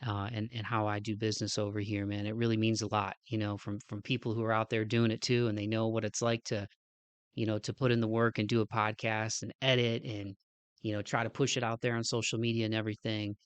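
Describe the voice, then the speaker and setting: A man's voice: fairly low pitch, flat delivery, fast talker, clear, resonant tone, no room sound. A man hosting a podcast, a casual outro, with a nasal, stuffed-up voice, a little out of breath, talking in an earnest, rambling way and often adding "man.". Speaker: podcast host.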